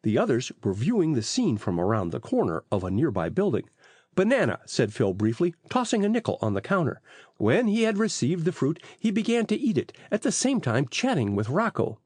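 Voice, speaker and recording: A man narrating an audiobook in a lively, expressive reading style on a close mic. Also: on the high side, fairly quick, slightly rough, no room sound. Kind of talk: storybook narration.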